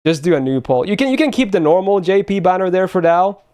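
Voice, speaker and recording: A man's voice: sits high, sing-song, fast talker, a little mellow, clean tone. A young man chatting casually on a live stream, blunt and swearing often as he talks to his chat.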